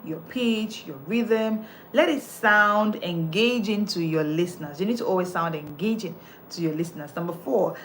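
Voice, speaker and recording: A woman's voice: fairly low pitch, fairly bright tone, a little hiss or hum, low-quality recording. Emphatic woman confidence coach. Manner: emphatic, preacherly, numbered tips. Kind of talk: live coaching talk.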